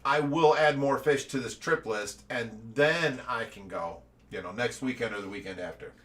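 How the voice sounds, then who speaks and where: Mid-range and moderately paced, the Ohio man hosts his casual live-stream chat with animated, high-energy stories and plenty of laughter. The mic sits at a distance.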